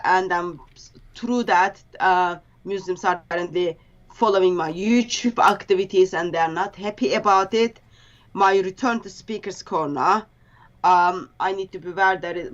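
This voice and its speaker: A woman being interviewed as a guest, speaking in a halting, earnest way with grammar slips. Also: lowish voice, muffled recording.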